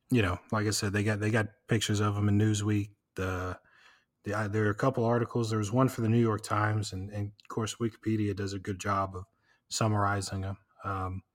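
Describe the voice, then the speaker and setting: A man with a thick Southern country accent talks through a podcast in a relaxed, drawn-out way. His voice sits on the low side and he strings phrases along loosely. He swears easily. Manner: drawling, rambling, laid-back, swears casually. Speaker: podcast host. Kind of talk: casual podcast chat.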